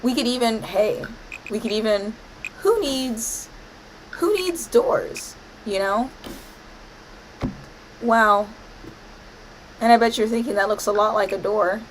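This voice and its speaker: A woman's voice: a little high, slow pace, pauses often, a little hiss or hum, rough recording. Chatty woman narrating her gameplay. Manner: chatty, scolds the game playfully, mock-dramatic outbursts. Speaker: gaming streamer. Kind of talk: casual gameplay commentary.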